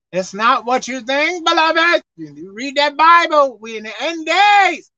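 Male preacher with a high voice, drawn-out scripture reading and sudden shouts, on a dull lo-fi recording. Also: expressive, no room sound. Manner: emphatic, repeats lines, reads scripture slowly, bursts into shouting. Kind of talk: fiery sermon.

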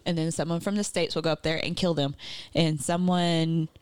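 A woman's voice: deep voice, fairly even intonation, moderate pace, clean tone, no room sound. A woman in casual podcast chat, talking hesitantly with lots of fillers and restarts.

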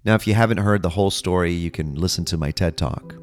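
A middle-aged man, a pastor and podcast host, earnestly telling his personal testimony with dramatic pauses. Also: low-pitched, faint music behind.

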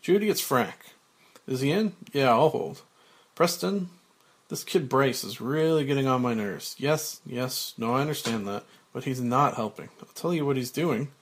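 Man playing cranky TV exec, curt complaining delivery, husky voice, script reading. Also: medium pitch, normal speed. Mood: irritated. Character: irritable, fed-up male TV executive.

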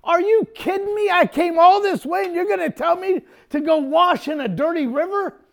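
A man's voice: very high-pitched, normal speed, gravelly, pitched above the performer's own voice. A man playing an indignant proud commander. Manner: outraged, incredulous.

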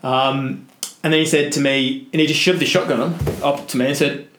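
A man guesting on a podcast, telling an adventure story in an animated way, acting out voices and restarting his sentences. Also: a little high, fairly quick, reverberant, slight background noise. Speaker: guest, adventurer and motivational speaker.

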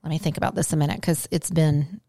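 A woman co-hosting a casual podcast chat, teasing and chiding her partner with quick reactions. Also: deep voice, steady tone, vocal fry, mellow, dry recording, studio quality. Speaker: podcast co-host.

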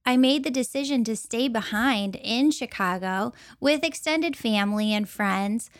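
A woman's voice: a little high, a little slow, dry recording, clean studio sound. A woman from the United States who gives intuitive readings, telling a personal story in an earnest way and repeating phrases for emphasis. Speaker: intuitive reader.

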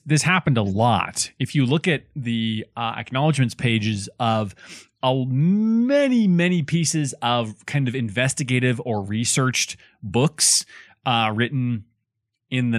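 A man's voice: mid-range voice, lively intonation, a little slow, no echo, clean studio sound. A man in casual podcast chat, making wry joking asides.

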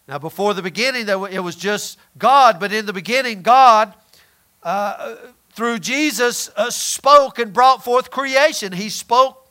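A man delivers a sermon in a high, ringing voice. He is emphatic, swinging from loud declarations to hushed asides, and acts out the people in his retellings. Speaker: preacher.

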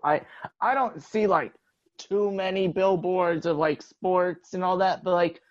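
A young man with a fairly high voice co-hosts a sports podcast, rambling casually and filling his sentences with "like". The sound is dull and lo-fi, with a dry, close feel. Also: no echo. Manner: relaxed, rambling, filler "like". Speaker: podcast co-host.

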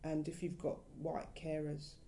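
A woman's voice: deep voice, measured pace, slight background noise. A woman co-hosting a casual conversation, speaking in loose, trailing fragments and lifting her voice when she quotes people. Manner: talks in loose, trailing fragments, animated when quoting others.

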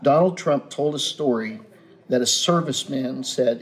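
A man's voice: medium pitch, normal speed. A man as the guest in a casual unscripted interview, earnest and musing, speaking in pronouncements.

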